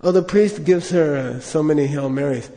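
Buddhist teacher, chatty and jokey, kinda high voice, big hall with long echo. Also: male voice, normal speed, warm tone. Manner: chatty, joking, leads chanting. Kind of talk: dharma talk with storytelling.

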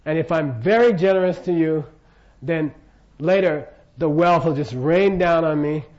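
A man's voice: a little high, a little slow, darkish tone. An older man giving an informal Buddhist lecture, casual and jokey, often checking in with his listeners. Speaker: Buddhist teacher. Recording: dull lo-fi lecture recording.

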